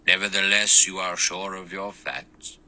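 A man voicing an old, stern judge who speaks in a measured, precise and commanding way. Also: low voice, little pitch movement, bright, forceful tone, exaggerated voice, low-quality recording. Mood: grave, commanding. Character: old stern male judge, calm, authoritative.

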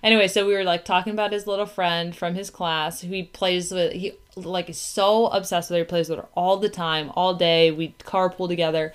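A woman's voice: fairly low pitch, flat delivery, fairly quick, hardly any pauses, clear, resonant tone. A woman in her thirties chatting casually as a podcast co-host, filling her talk with "like" and acted-out quotes. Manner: chatty, lots of "like" and quoted asides. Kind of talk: casual chat.

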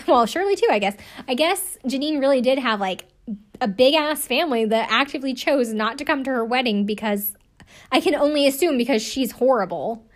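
A woman's voice: high voice, animated, a little fast. Chatty woman recapping, swears freely. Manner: chatty, profane, laughing, lots of "like". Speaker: show recapper. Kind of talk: casual reality-TV recap.

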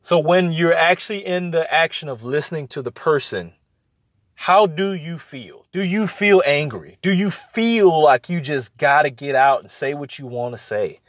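A man with a slightly high voice talks through relationship advice in a loose, conversational way. He repeats phrases for emphasis and slips into quick acted-out exchanges. The recording is dry and slightly muffled. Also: lively intonation, no echo. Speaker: podcast host. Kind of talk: casual advice talk.

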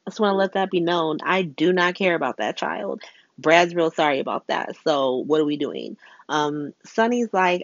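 Sassy, profane woman with a lowish voice. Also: lively intonation, no room sound, dull audio. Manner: sassy, profane, quick to laugh. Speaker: soap opera recap host. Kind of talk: casual recap vlog.

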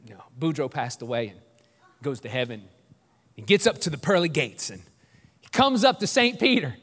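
A man preaching a sermon as pastor, lively and joking, drawing the congregation in. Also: on the high side, moderate pace. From New Orleans. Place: church sanctuary. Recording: long church reverb.

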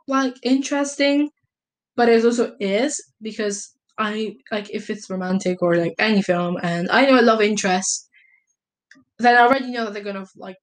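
A young woman from Italy answering casual vlog questions, rambling and hesitant, with lots of fillers and self-corrections. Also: mid-range voice. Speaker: vlogger.

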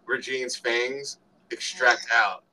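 Male co-host, bright and rambling, casual retelling of film scenes. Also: mid-range voice, steady tone, takes it slowly, poor audio. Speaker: podcast co-host. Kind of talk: casual movie review chat.

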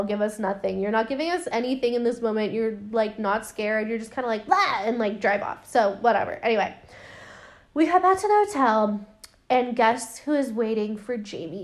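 Young woman podcaster, kinda high voice, rambly and casual, lots of "like". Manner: chatty, lots of fillers, swears, acts out quotes. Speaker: podcast host. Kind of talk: casual film recap.

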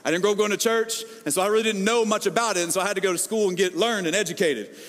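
A man preaching a sermon as pastor, animated and conversational, acting out the people he quotes. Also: sits high, very fast, big-room sound.

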